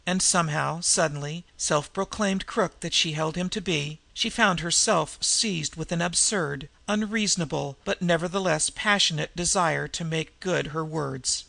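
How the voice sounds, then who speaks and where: A man reading a novel aloud as an audiobook narrator, measured, lightly voicing the dialogue. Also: a little high, gravelly, bright, forceful tone, no room sound. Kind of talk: scripted narration.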